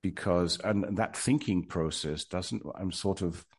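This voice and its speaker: A man's voice: sits low, measured pace, husky, no room sound. A man in his sixties, answering interview questions in a reflective, hesitant way with many ums and wry humor. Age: 60s. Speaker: guest.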